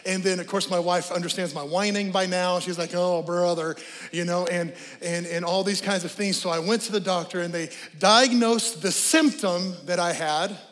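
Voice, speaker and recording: In a large church sanctuary, a long, trailing reverb follows the fairly high voice of a middle-aged male pastor. He delivers his sermon with animated energy at a moderate pace, hardly pausing. He alternates between shouted exhortation and joking asides.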